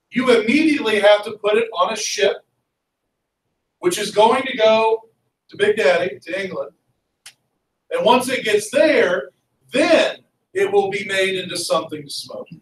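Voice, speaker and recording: A man lecturing a history class with a fairly high voice, constantly checking in with his students. He is recorded from a distance, so the classroom's echo carries his voice. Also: slight background noise. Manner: lively, constantly checks in with "okay?" and "right?". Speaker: history teacher. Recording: roomy classroom, mic far off.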